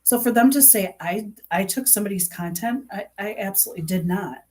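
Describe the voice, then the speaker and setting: A woman's voice: mid-range voice, fairly quick, mellow. Rambling middle-aged woman vlogger. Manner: rambling, with many fillers and restarts; earnest and aggrieved. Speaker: true crime YouTuber. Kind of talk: casual talk to camera.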